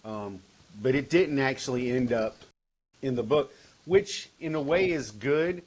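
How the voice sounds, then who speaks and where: A man's voice: mid-range voice, measured pace. A man, a guest author chatting casually on a podcast, rambling with many restarts and repeats.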